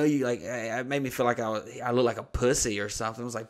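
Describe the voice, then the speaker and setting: A man's voice: medium pitch, fast, hardly any pauses. A young adult man hosting a podcast, telling rambling, profane anecdotes in casual chat and acting out the dialogue. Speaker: podcast host.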